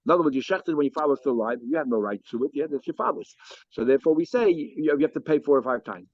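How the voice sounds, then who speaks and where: Fast-talking rabbi teaching a Talmud class. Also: male voice, fairly high pitch, no echo. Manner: lively, animated, explains and asks questions. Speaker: rabbi teaching daf yomi. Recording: muffled lo-fi sound.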